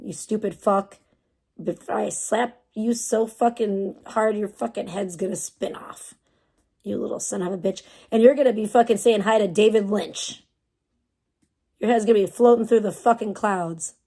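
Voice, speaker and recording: A young American woman chats casually on stream in a medium-pitched, slightly mellow voice at a moderate pace. Her talk is profane, and she answers chat messages sounding bemused and exasperated.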